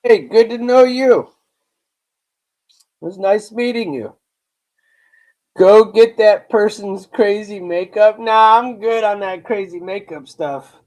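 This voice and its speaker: A man from Lakewood, Ohio, US with a high-pitched, slightly mellow voice hosts a live reaction stream. Casual and blunt, he swears, brags, repeats himself and leans on "bro" and "dude," talking in a slow, drawn-out way full of repeats and restarts.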